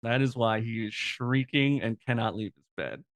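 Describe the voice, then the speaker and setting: A man's voice: mid-range voice, moderate pace, dry recording. A man co-hosting a podcast, chatting casually with playful reactions and jokes. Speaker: podcast co-host. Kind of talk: casual chat.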